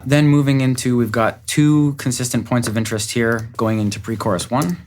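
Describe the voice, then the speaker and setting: A man's voice: mid-range voice, fairly even intonation, fairly quick, a little mellow. A man, a music producer, giving an upbeat, enthusiastic walkthrough of how a song was produced. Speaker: music producer and recording engineer. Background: faint music from the track.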